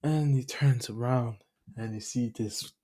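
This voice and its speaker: A young man rambles through a fan story retelling, full of fillers and little chuckles. He talks at an unhurried pace, his pitch ordinary and middle. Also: dark tone, slightly rough.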